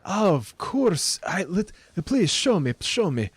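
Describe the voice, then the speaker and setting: A man's voice: sits high, sing-song, slow, husky, no echo, voice pushed up, exaggerated voice. A man voicing an eager, anxious woman shopkeeper with a put-on accent, stammering and gushing in a tabletop game. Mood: grateful. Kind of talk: tabletop role-play voice.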